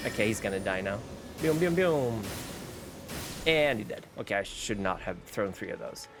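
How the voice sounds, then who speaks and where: A man's voice: on the low side, fairly quick, gravelly. A man with a Swedish accent, a native Swedish speaker, chatting casually while streaming a game, rambling and restarting his sentences. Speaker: VTuber streamer. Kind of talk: casual gaming stream commentary. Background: faint background music.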